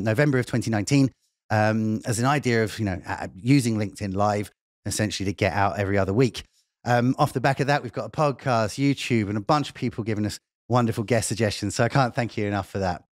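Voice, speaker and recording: In a dry, clean studio recording, a man with a lowish voice hosts a live online talk show. He rambles jokily and pokes fun at himself while introducing his guest.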